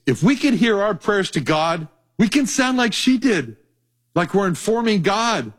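A male Bible teacher preaching a sermon in a conversational, animated storytelling way, acting out voices. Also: sits high, unhurried.

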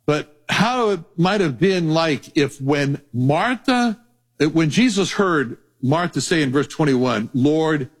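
A man teaching a sermon on a Bible passage, telling stories in a lively way and acting out the voices of people in them. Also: on the high side, husky. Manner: animated storytelling, acts out quoted voices.

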